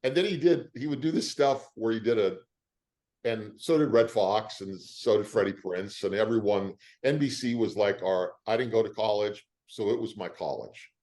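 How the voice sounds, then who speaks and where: An older man, an actor, telling stories in an interview with a lively, emotional delivery. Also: on the low side, normal speed. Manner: lively storyteller, emotional at times. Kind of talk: animated anecdotes.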